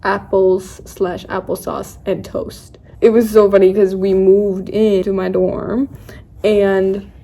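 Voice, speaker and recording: A woman's voice: mid-range voice, level tone, takes it slowly, dark tone. A young woman vlogging, telling a story in a casual, dramatic, self-mocking way and acting out her own quotes. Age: young adult.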